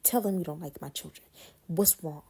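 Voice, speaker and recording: A loud, combative aunt who hammers the same accusing questions over and over, put on by a woman telling the story. The voice is gravelly and husky, with a dark, mellow tone. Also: on the low side, moderate pace. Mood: badgering. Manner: accusing, pushy, repeats demands.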